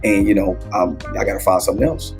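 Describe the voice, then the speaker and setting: Animated storytelling man, faint music behind. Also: quick pace, vocal fry. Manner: animated storyteller, acts out quotes with big pitch jumps. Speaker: assistant basketball coach, guest. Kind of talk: casual storytelling interview.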